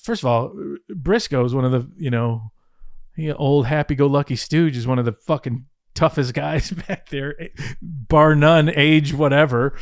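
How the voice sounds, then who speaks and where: A man telling backstage stories in a casual interview, animated, acting out other people's lines, swearing and laughing often. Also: a little high, a little slow, no echo, studio quality. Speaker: former wrestling head writer telling stories.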